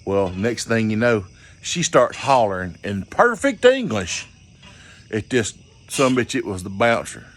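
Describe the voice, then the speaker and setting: A man's voice: fairly low pitch, sing-song, unhurried. A man telling a rambling, profane story in a casual, folksy way.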